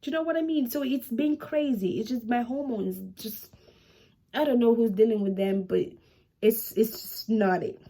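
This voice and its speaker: A woman in her twenties vlogs casually to camera from home, animated and chatty, repeating herself for emphasis. She speaks at normal speed in a slightly high voice.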